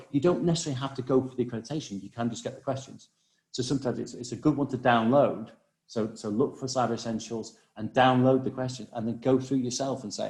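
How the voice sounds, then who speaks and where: A man presenting a webinar over a video call, talking quickly with many restarts and fillers. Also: lowish voice, roomy sound. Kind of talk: live webinar talk on cybersecurity.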